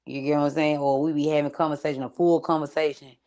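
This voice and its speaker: Low-voiced woman in casual slangy chat. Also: little pitch movement, fast, warm tone, poor audio. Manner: slangy, conversational, keeps addressing viewers as friend. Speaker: vlogger. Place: at home. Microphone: streaming setup.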